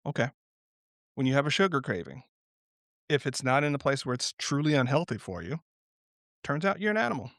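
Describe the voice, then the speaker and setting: Guy on a podcast musing out loud, mid-pitch voice, dead dry sound, laughs a lot while he tells stories. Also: brisk, long pauses, no room sound. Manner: reflective, animated storytelling with frequent laughs. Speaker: podcast guest. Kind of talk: unscripted podcast conversation.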